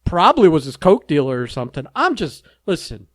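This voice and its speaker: A man with a fairly high, very animated voice, co-hosting a laid-back podcast. He rants bluntly and swears freely, and the sound is close and dry. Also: brisk, dry recording. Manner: blunt, profane ranting with frequent laughter. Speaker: podcast co-host. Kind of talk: casual podcast chat.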